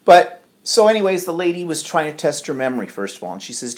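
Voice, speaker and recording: A man co-hosts a casual podcast, telling a story in a fairly high voice. He slips into the voices of the people he quotes as he goes. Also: big pitch swings, quick pace, darkish tone. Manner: chatty storytelling, acting out quoted lines. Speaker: podcast co-host. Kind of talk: casual chat.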